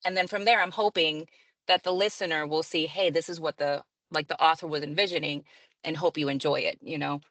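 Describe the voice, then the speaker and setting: A woman's voice: deep voice, steady tone, a little fast, a bit bright, dry recording. A woman who narrates audiobooks and works as a librarian, answering interview questions in a chatty way, often laughing and using fillers.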